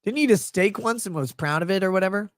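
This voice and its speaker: A man with a high-pitched voice hosts a commentary show, reading news and cutting in with mocking, profane asides. He sounds close to the mic in a dry, dead room. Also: expressive, fast talker, no room sound. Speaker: legal commentary show host.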